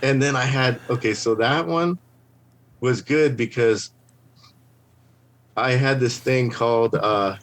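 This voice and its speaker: A man telling stories as a podcast guest in casual chat, animated and rambling, with lots of "like" and restarts. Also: mid-range voice, slow, long pauses. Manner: rambling, animated, heavy use of "like". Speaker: podcast guest, scare actor. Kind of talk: casual storytelling.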